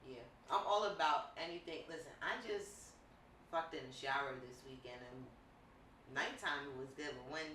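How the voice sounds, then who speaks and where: A woman's voice: sits low, moderate pace, a bit bright, recorded from a distance. Frank, raunchy woman podcast host. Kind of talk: casual podcast chat. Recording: roomy sound from off the mic, faint noise.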